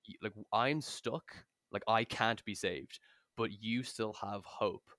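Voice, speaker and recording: A man voicing a mysterious hooded male gnome stranger who speaks in a slow, hushed, cryptic way while telling the story of a tabletop game. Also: on the low side, dry recording, clean studio sound.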